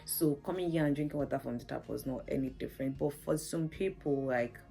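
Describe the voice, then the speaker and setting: A woman's voice: very deep voice, fairly quick, gravelly, dark tone, breathy edge, soft background music. A Nigerian woman vlogging in a casual, chatty, storytelling way, laughing often and saying "like" a lot. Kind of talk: casual chat to camera.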